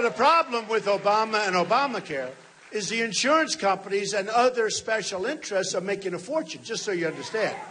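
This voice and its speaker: A man's voice: high voice, fairly bright tone, slight background noise. A man in his sixties giving an off-the-cuff campaign rally speech to a large hall, emphatic and repetitive, often talking straight to the crowd. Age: 60s. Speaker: political candidate.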